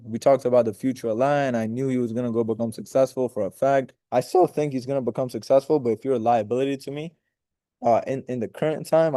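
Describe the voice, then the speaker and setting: Mellow-voiced man giving a motivational talk. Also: mid-range voice, dry recording, clean studio sound. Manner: rambling, profane, addresses listeners directly. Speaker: mentor leading a group video call. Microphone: video call.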